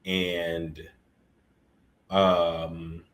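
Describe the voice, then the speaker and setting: A man hosting celebrity gossip commentary, talking in a profane, mocking way with sudden bursts of shouting. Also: deep voice, monotone, extremely slow. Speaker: commentary host. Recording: echoey room.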